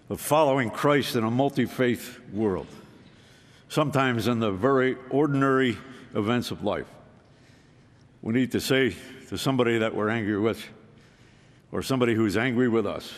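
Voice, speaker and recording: Male speaker, mid-pitch, folksy and self-deprecating, in a long-reverb hall. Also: normal speed, pauses often. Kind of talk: storytelling talk.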